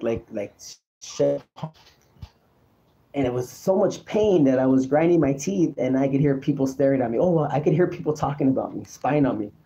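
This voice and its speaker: A man's voice: mid-range voice, dark tone, dull audio. A man hosting his own show in a rambling, repetitive, confessional monologue. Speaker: show host.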